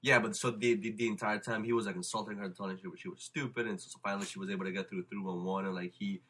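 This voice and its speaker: A young man, hosting a casual podcast and telling stories quickly with lots of restarts. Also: fairly low pitch. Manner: fast, animated storytelling with restarts. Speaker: podcast host. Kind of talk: casual chat.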